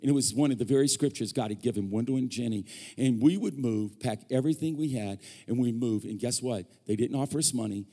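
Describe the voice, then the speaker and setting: A man's voice: medium pitch, fast talker, hardly any pauses, mellow. A man preaching a sermon as a guest pastor, telling stories animatedly, acting out quoted voices and joking with the congregation. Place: church hall. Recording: long church reverb.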